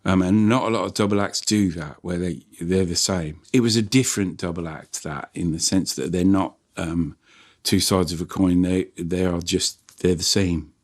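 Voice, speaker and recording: A comedy performer reminiscing in an interview, chuckling and slipping into character voices. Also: male voice, sits low, fairly even intonation, moderate pace.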